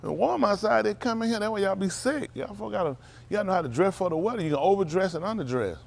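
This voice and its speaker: A man's voice: high-pitched, lively intonation, fast talker, creaky. A man, a pastor making folksy, teasing small talk with his congregation in a loose call-and-response way before the service. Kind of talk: informal pre-sermon banter with congregation. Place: congregation hall.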